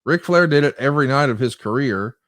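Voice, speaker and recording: A man co-hosting a podcast, briskly recapping wrestling matches in a lively, storytelling way. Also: mid-range voice, no room sound. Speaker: podcast co-host. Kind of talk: casual podcast chat.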